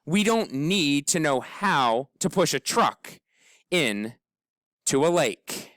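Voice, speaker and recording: A man's voice: a little high, very animated, slow, a bit bright, dry recording, studio quality, full character voice. A man voicing a firm, scolding elderly great-aunt in an audiobook. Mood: stern. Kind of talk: audiobook character voice.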